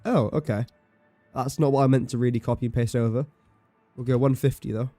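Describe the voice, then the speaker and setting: Soft music plays behind a man whose medium-pitched, warm voice moves briskly with fairly even intonation. He gives casual live-stream commentary on a building game, counting and adding things up under his breath as he thinks aloud and jokes at his own expense.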